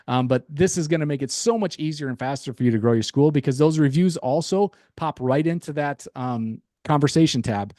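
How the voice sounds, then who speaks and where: A man presenting a sales pitch on a webinar, upbeat, with light chuckles and casual asides. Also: a little mellow, dry recording, studio quality.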